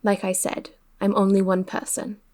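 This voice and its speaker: A composed female ship captain, played by a woman at a tabletop game answers with calm, pointed politeness. Her voice sits at an ordinary middle pitch. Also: moderate pace, close to an everyday voice. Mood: measured.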